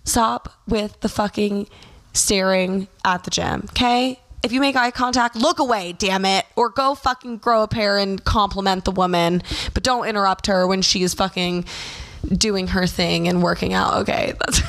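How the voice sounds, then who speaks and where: A young woman ranting casually to camera, blunt and profane, packing her story with fillers and lively storytelling. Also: medium pitch, normal speed. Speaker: vlogger.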